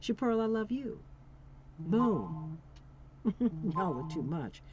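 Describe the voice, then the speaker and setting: A woman's voice: on the low side, sing-song, takes it slowly, darkish tone. A middle-aged woman hosting a call-in talk show, chatty and affectionate, laughing often and sounding tired. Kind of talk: casual call-in radio chat. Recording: slightly dull lo-fi stream with faint noise.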